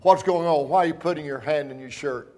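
A man voicing a kindly rural uncle who asks quiet, worried questions during a sermon story. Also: a little high, brisk, close to an everyday voice. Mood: concerned.

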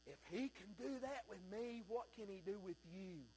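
Man, pastor preaching, high-pitched, fervent, hushed then loud. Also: animated, normal speed, slight background noise, rough recording. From North Carolina. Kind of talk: sermon.

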